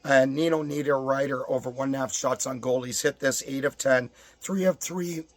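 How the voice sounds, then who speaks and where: A hoarse man with a strained voice, rattling off sports betting stats and picks in a casual, list-like way. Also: mid-range voice, fairly even intonation, normal speed, dry recording.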